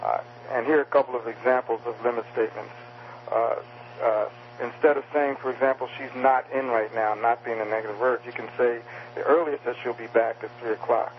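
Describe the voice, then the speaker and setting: A man's voice: mid-range voice, steady tone, a little fast. A man is interviewed as an author and explains communication skills. He speaks hesitantly, often stopping and restarting his sentences. The recording sounds dull and muffled, with a faint hum beneath it. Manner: hesitant, many restarts and fillers. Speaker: author and guest.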